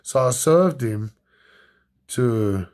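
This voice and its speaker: A man's voice: mid-range voice, animated, very slow, gravelly, a little mellow, full character voice. A man voicing a clumsy young man who frantically pleads and apologises in a raised voice. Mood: sheepish.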